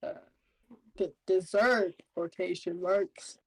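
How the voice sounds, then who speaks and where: A woman at a tabletop game, joking in a halting, hesitant way. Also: on the low side, steady tone, husky, no room sound, low-quality recording. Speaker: player. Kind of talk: tabletop role-play chat.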